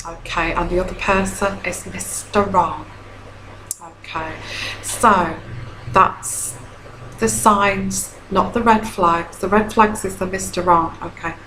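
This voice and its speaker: A woman's voice: lowish voice, fairly bright tone. A woman tarot reader talks through casual advice in a loose, chatty flow. She circles back on her points and often checks in with "okay?". Her voice carries a noticeable room echo with a faint hum underneath. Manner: chatty, repeats herself, frequent "okay?" checks. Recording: echoey room.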